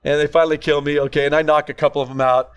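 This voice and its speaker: An older man, a grandfather, spins stories with a bit of a higher voice for a man and plenty of animation. He laughs often and keeps the chat casual and lively as he co-hosts. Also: rapid-fire, clear, resonant tone. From California. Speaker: podcast co-host.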